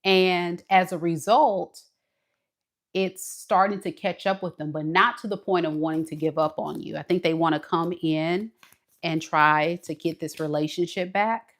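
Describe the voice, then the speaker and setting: A woman with a slightly low voice talks through a tarot reading in a loose, chatty way. She speaks straight to the viewer and slips into dramatic asides as she acts out the other person's thoughts. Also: fairly even intonation, measured pace. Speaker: tarot reader. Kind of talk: casual tarot reading monologue.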